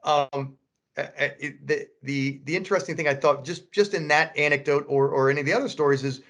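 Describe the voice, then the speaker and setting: A man's voice: fairly high pitch, a little fast, fairly bright tone. A man hosting a podcast interview, framing questions with many restarts and fillers. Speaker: podcast host. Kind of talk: conversational interview.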